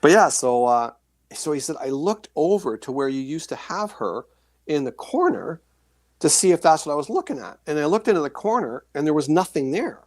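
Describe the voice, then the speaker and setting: A man's voice: fairly high pitch, moderate pace, dry recording. A middle-aged man, a guest author, telling rambling paranormal stories in casual chat, acting out the reactions of the people in them. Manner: rambling, animated storytelling with acted-out reactions. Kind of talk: casual storytelling on a podcast.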